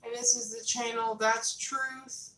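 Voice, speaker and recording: A woman's voice: on the high side, little pitch movement, measured pace, pushed and bright, faint music behind. A woman hosting a reaction channel, making dry commentary on a clip. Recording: roomy, distant mic.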